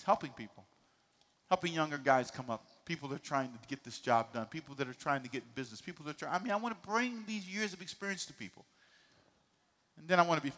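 A middle-aged male pastor preaching a sermon, with emphatic call-and-response delivery that swings from quiet asides to shouting. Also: high voice, in a large hall. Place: church sanctuary.

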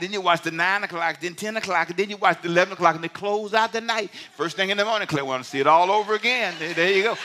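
A male pastor preaching in a church, his voice bright and forceful and a little higher than most men's. He swings between loud, emphatic outbursts and quiet, confiding asides, talking to the congregation like he's chatting with them. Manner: animated preaching, swinging from shouts to near-whispers, conversational asides. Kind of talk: sermon. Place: church sanctuary.

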